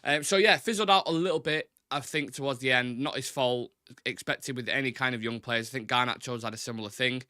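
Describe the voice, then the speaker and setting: A young football podcast host runs a laid-back chat show, speaking loosely, swearing a lot, and getting flustered when the tech acts up. His mid-range voice is brisk and sharp-toned. The recording is dry and clean, with a studio feel.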